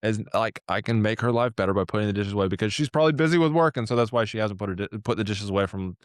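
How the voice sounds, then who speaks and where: A man's voice: lively intonation, racing, dry recording, clean studio sound. A man hosting a podcast interview, talking earnestly and emotionally, at times getting teary. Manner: mimics himself with a much higher voice in quoted asides. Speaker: podcast host. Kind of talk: casual interview chat.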